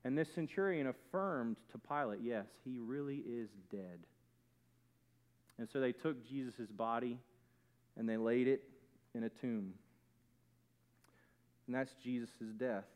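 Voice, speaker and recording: A man preaching a sermon, building to loud emphatic peaks and then dropping low and quiet. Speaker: pastor.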